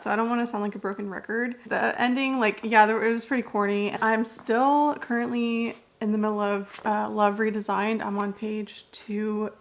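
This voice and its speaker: Chatty young woman vlogging casually. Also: a little high. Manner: blunt, chatty, uses lots of fillers and swearing. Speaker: book vlogger. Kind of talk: casual vlog chat. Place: home.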